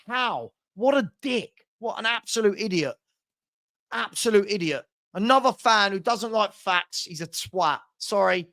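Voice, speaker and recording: A man's voice: sits high, lively intonation, unhurried, sharp tone. A young man hosting a live football watchalong, ranting heatedly and hurling insults.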